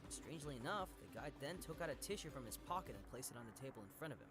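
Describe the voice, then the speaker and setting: Man voicing a fast-talking young detective. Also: medium pitch, lively intonation, music in the background, close to an everyday voice. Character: thoughtful young male detective colleague. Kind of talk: voice acting a visual novel.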